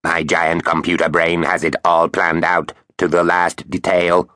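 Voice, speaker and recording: A man voicing a boastful male robot toilet with a quacky robotic voice, impatient and excitable, in a children's audiobook. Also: low-pitched, measured pace, no echo, clean studio sound.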